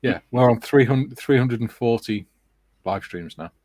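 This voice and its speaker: A man's voice: mid-range voice, moderate pace, darkish tone, no echo. A man co-hosting a hobby livestream, chatting casually and laughing often as he reads out viewer comments. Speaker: livestream co-host. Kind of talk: casual chat. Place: home studio, on a video call.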